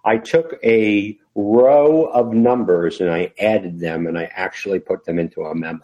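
A middle-aged New Yorker, a retired FBI employee appearing as a guest, tells his career story in a casual interview with wry, self-deprecating humor. His voice is lowish and unhurried, and the highs are cut off.

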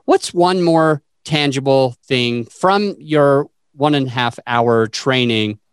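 A man's voice: medium pitch, slow, clean tone, no echo, studio quality. A man hosting a podcast interview, asking questions in an enthusiastic, effusive way. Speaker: podcast host. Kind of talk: casual interview talk.

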